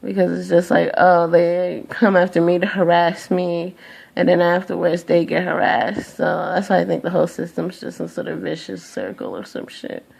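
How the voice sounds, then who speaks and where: A woman's voice: on the low side, normal speed, creaky, a little mellow, slight background noise. A tired young woman venting in a profane, exasperated rant to camera. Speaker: vlogger.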